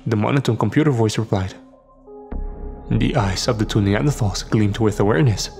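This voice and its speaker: A man narrates a scary story in a steady, dramatic read. His voice has a gravelly edge, with faint music under it. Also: fairly low pitch, moderate pace. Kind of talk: scripted horror narration.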